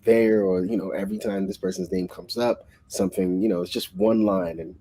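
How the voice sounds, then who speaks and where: A man co-hosting a casual book discussion, recapping the plot in an excitable, rambling way with lots of restarts. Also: low-pitched, brisk, low-quality recording. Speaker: book club co-host.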